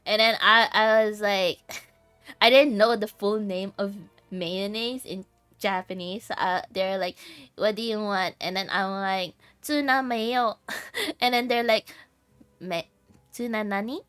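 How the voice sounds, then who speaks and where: A woman's voice: mid-range voice, fairly even intonation, a little slow, fairly bright tone, smooth, no room sound, faint music behind. A woman from the Philippines with a Filipino accent, streaming games and chatting casually, often breaking into giggles as she tells stories. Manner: giggly storytelling, laughs often. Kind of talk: casual chat while gaming.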